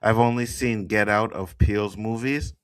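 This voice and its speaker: Man, podcast co-host, animated, casual film chat, dry recording. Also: moderate pace, clear, resonant tone, dry recording. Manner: animated, acts out quotes in a high voice. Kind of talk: casual pop-culture chat.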